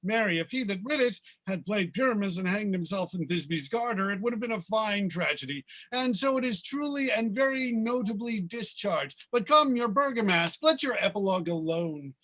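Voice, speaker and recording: A stately ruler and fairy king, read by a man over a video call. He declaims the verse with a high-pitched voice. The delivery is measured and commanding. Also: expressive, fairly bright tone. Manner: declaiming verse, then chatty thanks. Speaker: organizer of the reading and actor.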